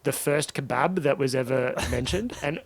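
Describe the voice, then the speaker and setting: A man co-hosting a comedy podcast, telling a story in a lively, casual way and acting out other people's lines. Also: mid-range voice, moderate pace, no room sound. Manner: animated, acts out other people's lines in quotes.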